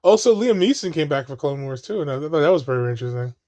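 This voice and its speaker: A man giving casual watch-along commentary on a movie. He laughs often, swears freely and does mocking high voices for the characters. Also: animated, fast, warm tone.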